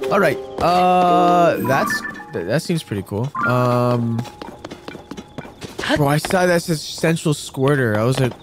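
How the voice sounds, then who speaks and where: A man's voice: fairly high pitch, expressive, takes it slowly. Goofy, self-mocking man gaming over music. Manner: goofy, self-mocking, talks to the game characters. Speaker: let's play gamer. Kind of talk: casual gameplay commentary. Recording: game music behind voice.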